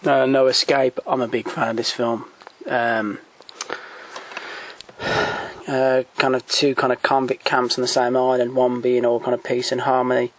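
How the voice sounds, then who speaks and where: A man talking casually and haltingly, with many pauses and restarts, giving enthusiastic recommendations as he shows his shelf. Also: medium pitch, level tone, rough recording. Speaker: collector showing DVDs. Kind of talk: casual off-the-cuff commentary. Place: home room by a shelf.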